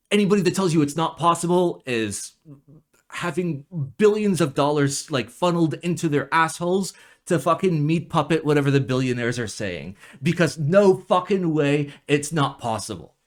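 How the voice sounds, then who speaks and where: A young man ranting casually in a vlog about keyboards, profane and rambling, swinging from low mutters to loud outbursts, sounding jet lagged. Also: animated, normal speed. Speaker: keyboard reviewer.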